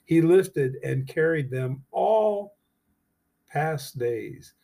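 A man teaching verse by verse through a scripture chapter, reading each verse slowly and then commenting with emphatic rhetorical questions. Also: a little high, lively intonation, gravelly, warm tone. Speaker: Bible teacher.

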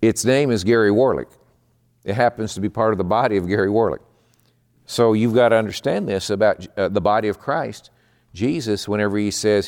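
A man preaching a midweek sermon in a conversational way. He slows down to explain terms and often repeats words. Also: fairly low pitch, darkish tone. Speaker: pastor.

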